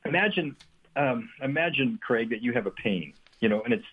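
A man's voice: mid-range voice, animated, moderate pace, husky. An older man telling a story as a guest on a talk show, earnest and full of restarts. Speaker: guest speaker on forgiveness. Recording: tinny phone line.

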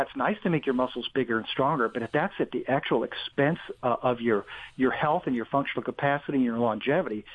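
A male author, a guest on a radio interview, talks with animated energy and often restarts his sentences while telling a story. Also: medium pitch, slightly rough. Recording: tinny phone line.

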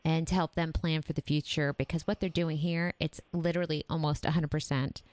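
A woman with a very low voice hosts a radio fundraiser in a dry, close studio sound. She speaks in a brisk, encouraging way and often uses fillers. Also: steady tone, darkish tone, no room sound. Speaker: radio host.

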